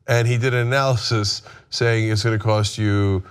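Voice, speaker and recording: A man chatting casually on a podcast, telling stories in an animated, self-deprecating way and acting out the quotes. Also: fairly low pitch, moderate pace, clear, resonant tone.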